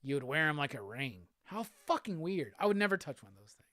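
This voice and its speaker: A man's voice: on the high side, big pitch swings, fairly quick, bright, forceful tone, dry recording. A man hosting a live stream, chatting casually, cursing freely and laughing often. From Southern United States. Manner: profane, laid-back, laughs often. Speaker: livestream host. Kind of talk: casual chat reading viewer comments.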